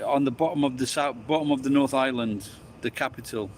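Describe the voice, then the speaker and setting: A man's voice: mid-range voice, a little fast, slight background noise. A man from Sheffield with a strong Yorkshire accent, chatting loosely with viewers in a rambling, sweary way and laughing often. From Sheffield, England. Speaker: vlogger chatting with live viewers. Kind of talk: casual chat. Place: outdoors on a street.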